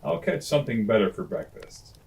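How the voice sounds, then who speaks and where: A big, blustering male lion from a bedtime storybook booms and mocks, as a man puts him on. The king of beasts sounds proud and sure of himself, with a fairly deep voice. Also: big pitch swings, a little fast, gravelly, a little mellow, poor audio. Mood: jolly. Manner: booming and mocking, laughs heartily.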